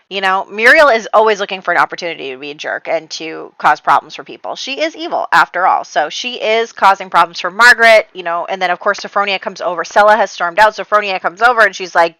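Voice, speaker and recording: Bright, chatty woman recapping her game. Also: medium pitch, no echo, rough recording. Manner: chatty, quotes characters in quick voices, lots of "like". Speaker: Sims gameplay narrator. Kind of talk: casual story recap.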